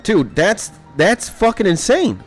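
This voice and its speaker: Slow-talking young male streamer. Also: sits high. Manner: rambling, excitable, swears a lot. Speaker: gaming streamer. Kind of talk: casual stream chat. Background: faint background music.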